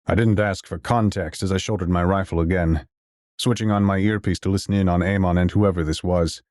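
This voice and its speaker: A man narrating a science fiction audio drama in the first person, in a steady, measured storytelling manner. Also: deep voice, dry recording, clean studio sound.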